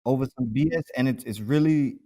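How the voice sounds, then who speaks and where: A man's voice: medium pitch, brisk, mellow. A man co-hosting a casual podcast chat, loose and profane, laughing often and acting out the people in his stories. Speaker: podcast co-host.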